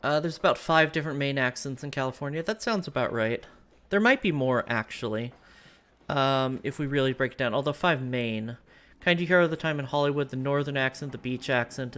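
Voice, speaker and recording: An American woman with an extremely low-pitched, fairly bright voice chats casually with her viewers at a moderate pace while streaming a strategy game. Her talk rambles, full of fillers and restarts, with faint music in the background.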